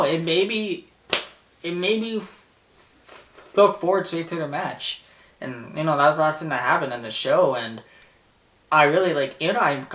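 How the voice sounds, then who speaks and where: A man's voice: mid-range voice, a bit bright, far from the mic. A man casually recapping a wrestling show on his vlog, rambling with lots of laughter and restarts. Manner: rambling, laughs often, many fillers and restarts. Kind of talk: casual chat. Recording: roomy echo, set back from mic.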